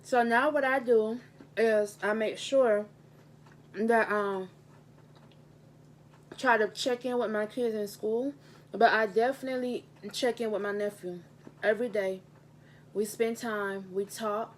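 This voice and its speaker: An earnest young woman talks straight to a camera at her table at home, her fairly high voice heartfelt as she circles back to the same points. She speaks as a teacher in a relaxed vlog, and the camera's own mic picks her up. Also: unhurried, long pauses, slight background noise. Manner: earnest, heartfelt, repeats phrases for emphasis. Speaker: teacher and vlogger. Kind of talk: casual mukbang vlog talk. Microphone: handheld camera mic.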